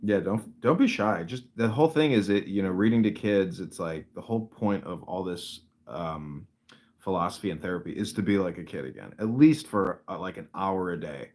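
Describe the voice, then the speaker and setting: A man's voice: low voice, moderate pace, a little mellow. A man hosting a podcast, chatting casually with rambling, encouraging talk full of fillers. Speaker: podcast host. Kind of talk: casual chat.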